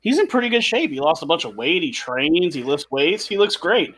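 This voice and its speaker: A man's voice: a little high, brisk. A man co-hosting a podcast in casual chat, telling stories with energy, swearing and acting out the quotes. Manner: animated storyteller, swears, acts out quotes. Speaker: podcast co-host.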